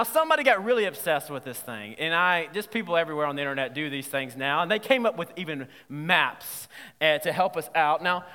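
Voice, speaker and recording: A man preaching a sermon in a playful, lively way, quizzing his audience as he goes. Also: a little high, in a large hall. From Southern United States. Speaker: pastor.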